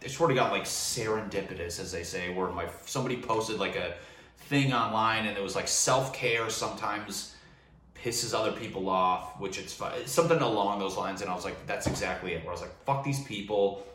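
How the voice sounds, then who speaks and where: Young man, casual venting monologue, swears a lot, rambling and worked up, lowish voice, roomy echo, sitting back from the mic. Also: fairly quick, pushed and bright, far from the mic, a little hiss or hum. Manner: profane, heated and rambling. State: drinking wine. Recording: echoey room, voice off-mic.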